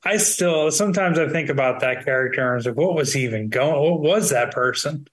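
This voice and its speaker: A man's voice: on the high side, fairly quick. A man co-hosting a comedy podcast, trading crude, playful banter. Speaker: podcast co-host. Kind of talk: casual comedy podcast chat.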